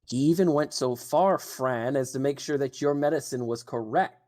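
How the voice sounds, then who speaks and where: A man running a tabletop game as dungeon master, narrating scenes in a relaxed way with fillers. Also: medium pitch, moderate pace.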